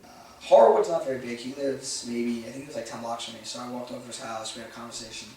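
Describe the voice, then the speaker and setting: A man talks quickly and haltingly as he reflects on an old decision, quoting himself along the way. His voice comes from a distance in a very roomy space, with a faint hiss underneath. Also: medium pitch, steady tone, dark tone. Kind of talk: candid recollection.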